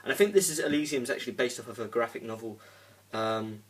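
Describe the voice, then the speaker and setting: Young man, casual film review, rambling with fillers, occasional swearing, average pitch, slightly distant mic. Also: fast talker. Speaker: movie reviewer.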